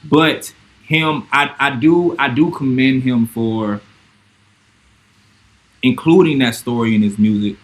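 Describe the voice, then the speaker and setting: A man hosting a casual chat, speaking haltingly and thoughtfully with many restarts. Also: medium pitch, poor audio. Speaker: podcast host.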